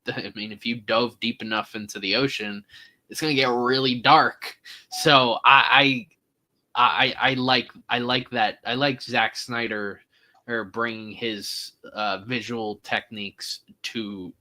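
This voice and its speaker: A young man in a casual movie review conversation, with a bright, crisp tone. He often restarts his sentences and slips into exasperated asides. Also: fairly low pitch. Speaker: co-host of a movie review podcast.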